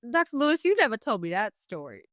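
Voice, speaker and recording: A woman's voice: fairly high pitch, big pitch swings, fast, fairly bright tone, no room sound, studio quality. A woman podcast host asking long, winding questions in a playful, teasing way. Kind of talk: casual interview questions.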